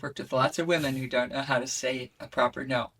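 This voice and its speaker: A woman voice coach who is a guest on a podcast, talking in an expressive, animated way. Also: rumbling low, fairly quick, recorded from a distance.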